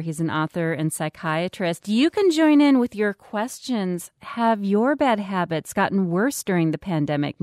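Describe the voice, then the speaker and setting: A woman hosting a call-in radio show, introducing her guest and inviting listeners to phone in, in a clear, steady presenter manner. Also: on the low side, no echo, studio quality. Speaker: radio host.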